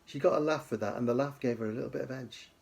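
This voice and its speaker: A man, an author leading a writing lesson, reads a children's book aloud in a relaxed storytelling way with casual asides. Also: medium pitch, fast, gravelly, slightly rough.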